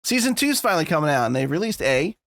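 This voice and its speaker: A man's voice: on the high side, big pitch swings, fast talker, gravelly, a bit bright, no room sound. A man co-hosting a podcast in a loose, laughing, casual chat, swearing freely. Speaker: podcast co-host.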